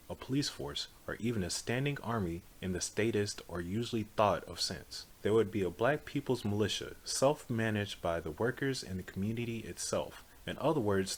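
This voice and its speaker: A man reading a political text aloud in a measured, earnest, declarative way. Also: fairly low pitch, husky. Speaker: audiobook reader.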